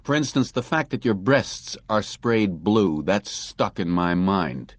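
A man's voice: lowish voice, expressive, slow pace, dry recording. Man voicing a bitter frustrated office clerk. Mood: resentful. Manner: resentful, sardonic.

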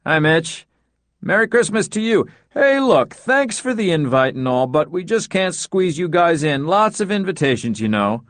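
A man's voice: fairly high pitch, big pitch swings, normal speed, a bit bright, no room sound, pitched above the performer's own voice. A man voicing a grumpy middle-aged husband putting on strained, forced politeness on the phone, in a storybook reading. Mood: forced polite.

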